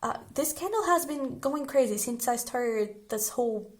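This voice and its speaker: A woman reads tarot cards in a relaxed, conversational way, addressing the viewer directly. Her voice sits a little high for a woman, and her tone stays gentle and reassuring. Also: moderate pace. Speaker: tarot reader. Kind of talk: casual pick-a-card tarot reading.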